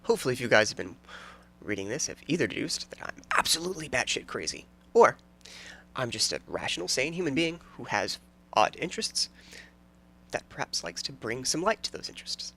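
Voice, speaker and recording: Lively, gravelly-voiced man rambling. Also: mid-range voice, a little fast. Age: 30s. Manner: rambling, self-interrupting and jokey. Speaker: podcast host. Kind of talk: casual solo podcast monologue.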